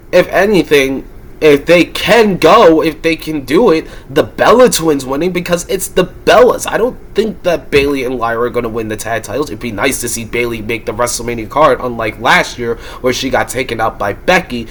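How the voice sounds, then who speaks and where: A wrestling commentator and YouTuber rants through heated, frustrated wrestling predictions in a vlog, erupting into loud, swearing outbursts. He's losing his voice, which sits a little high.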